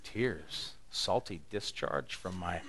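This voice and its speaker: A man's voice: sits low, lively intonation, takes it slowly, a bit bright, slight background noise, full character voice. A man voicing a group of baffled men who claim not to know what a tear is. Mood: incredulous. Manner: incredulous, mocking. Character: gruff baffled men who never cry.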